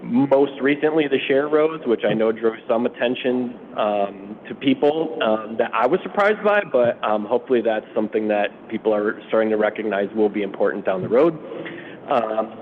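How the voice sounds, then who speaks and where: A man with a raspy, allergy-hoarse voice, presenting a public works update at a council retreat in an informal way, with many fillers. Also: normal speed. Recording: phone-like, muffled sound with faint rumble.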